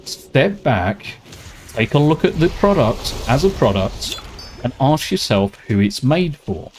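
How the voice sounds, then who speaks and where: A man's voice: medium pitch, big pitch swings, a little slow, a little hiss or hum. A British man streaming a game, ranting and swearing freely in casual chat. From Britain. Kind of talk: casual live-stream chat while gaming.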